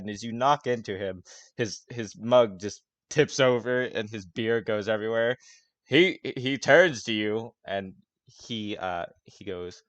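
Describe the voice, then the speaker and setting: A man's voice: lowish voice, a little slow, a bit bright, no room sound. A man narrating a tabletop game as its game master, casual and hesitant, swearing often and breaking into laughs.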